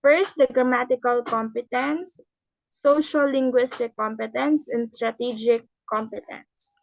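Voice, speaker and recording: A woman's voice: on the high side, steady tone, measured pace, creaky, dry recording. A young woman student from the Philippines, politely reading interview questions. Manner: polite, formal. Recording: dry, muffled video call audio.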